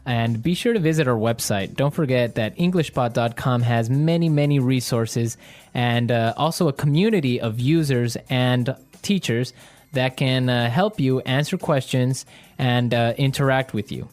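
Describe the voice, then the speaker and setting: A man's voice: medium pitch, normal speed. A man hosting an English lesson podcast, chatting casually and joking. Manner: relaxed, joking, conversational. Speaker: podcast host.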